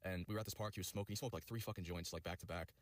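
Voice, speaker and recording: A man telling a personal story in a rapid, rambling way, full of swearing and fillers. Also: low-pitched, steady tone, no room sound.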